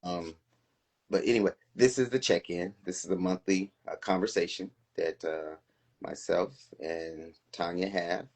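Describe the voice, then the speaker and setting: A man's voice: low voice, fairly even intonation, measured pace, darkish tone. A middle-aged man co-hosting a casual live-stream chat, talking in a reflective, earnest way. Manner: reflective, earnest, self-questioning. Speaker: co-host.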